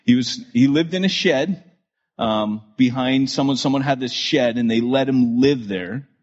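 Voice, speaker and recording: Husky-voiced man telling a rambling story. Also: mid-range voice, a little slow, lo-fi sound. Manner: animated, many fillers and restarts. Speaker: podcast host. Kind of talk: storytelling on a podcast.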